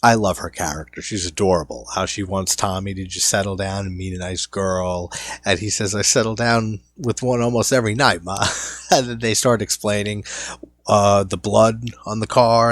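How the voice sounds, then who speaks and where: An enthusiastic man giving a casual film commentary, walking through scenes with obvious delight. His voice sits on the low side and sounds dry and close, with no room around it. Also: no echo. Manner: enthusiastic, recounting scenes with frequent laughs. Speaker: film review host.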